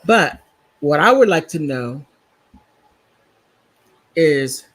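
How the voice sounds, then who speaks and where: A man hosts a live stream in a loose, rambling commentary style, answering viewers as he goes. His voice sits a bit high and has a husky, slightly breathy grain. He speaks into a computer mic from a home setup. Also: animated, very slow, fairly bright tone, rough recording. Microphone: computer mic on a streaming app.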